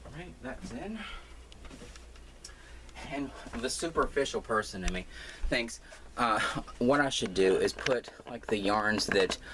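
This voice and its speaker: A man chatting casually while he rearranges a room at home, rambling with lots of fillers and restarts and poking fun at himself. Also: mid-range voice. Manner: self-deprecating. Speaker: crafting vlogger. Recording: noisy home recording.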